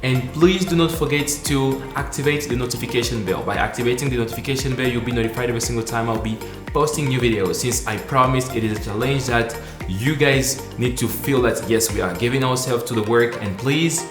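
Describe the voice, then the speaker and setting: A man with as his hosts an English lesson in a voice of ordinary pitch. He restarts phrases and stretches words slowly to model them. The room gives his voice a clear echo. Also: music in the background. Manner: repeats and restarts words, slows to model pronunciation. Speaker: English teacher. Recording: echoey room.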